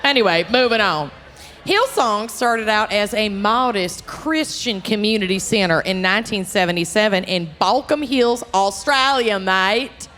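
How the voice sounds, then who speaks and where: A woman with a Minnesotan accent, co-hosting a live true-crime comedy podcast and presenting a case in an animated, joking way, calling out to the crowd. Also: mid-range voice, normal speed. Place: live theater show. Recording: live venue with long reverb and faint noise.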